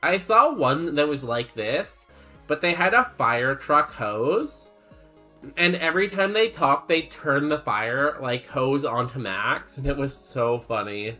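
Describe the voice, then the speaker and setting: A man's voice: mid-range voice, animated, slow pace, bright, forceful tone, faint music behind. Laid-back young male game streamer. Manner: laid-back, rambling, reads chat aloud. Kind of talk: casual livestream chat.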